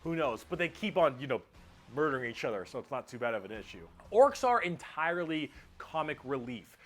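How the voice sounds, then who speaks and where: A man's voice: medium pitch, big pitch swings, fairly quick. A man narrating a comedic, casual explainer video in an irreverent tone, swearing and using mock-dumb phrasing.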